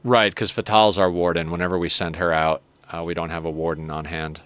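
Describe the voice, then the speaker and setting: A man's voice: low-pitched, little pitch movement, brisk, fairly bright tone, no room sound. A man streaming a game, chatting casually and joking with his viewers. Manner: chatty, joking, talks to chat and his cat. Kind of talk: casual live-stream chat while playing.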